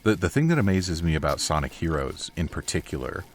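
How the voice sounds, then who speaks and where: A man's voice: rumbling low, very animated, a little fast, a little hiss or hum. A man playing a video game and chatting casually in a dry, matter-of-fact way. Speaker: let's play player. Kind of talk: casual gaming chat. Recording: music in background.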